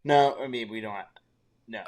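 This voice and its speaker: A man's voice: fairly low pitch, normal speed, a little mellow. A man co-hosting a sports podcast in casual chat, rambling and trailing off mid-sentence. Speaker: podcast co-host.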